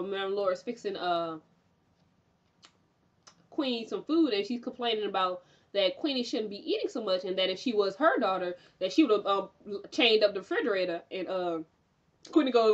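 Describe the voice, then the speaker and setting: A young woman recapping a TV episode in a chatty, animated way, with lots of fillers and frequent laughter. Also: mid-range voice, moderate pace, highs cut off. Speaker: TV recap reviewer.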